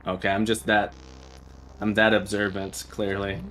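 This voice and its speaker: A man's voice: lowish voice, completely flat delivery, moderate pace, fairly bright tone, a little hiss or hum, low-quality recording. A man hosting a livestream, playing a game and thinking aloud as he sounds out Morse code beeps. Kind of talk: casual livestream chat while playing.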